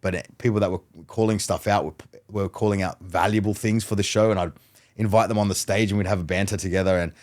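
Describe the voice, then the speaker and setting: A man, a mentalist guest on a podcast, chatting casually and telling animated stories that act out both sides of a conversation. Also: deep voice, quick pace. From Australia. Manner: animated storyteller who acts out dialogue.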